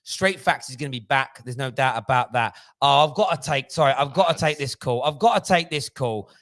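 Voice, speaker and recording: A man hosting a football fan call-in show, loud, jokey and swearing as he banters with callers. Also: mid-range voice, a little fast.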